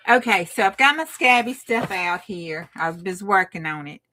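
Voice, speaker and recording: Bright, folksy woman hosting a live craft stream. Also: medium pitch, expressive, normal speed, slight background noise. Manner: folksy, bawdy and laughing, greeting viewers by name. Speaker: host of a late-night crafting live stream. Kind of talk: casual live-stream chat.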